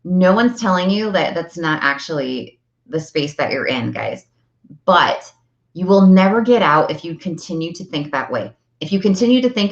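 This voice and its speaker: A woman's voice: fairly low pitch, expressive, normal speed. A middle-aged woman giving a chatty, earnest motivational talk to her viewers, repeating phrases for emphasis. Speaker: self-help coach. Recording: echoey room, slightly dull sound.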